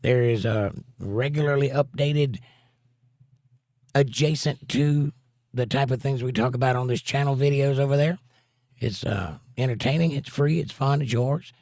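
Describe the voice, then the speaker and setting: A man's voice: mid-range voice, moderate pace, darkish tone, no echo, clean studio sound. A man hosting a casual livestream, joking around and reading viewers' chat messages aloud. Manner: jokey, reads chat aloud. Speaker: host.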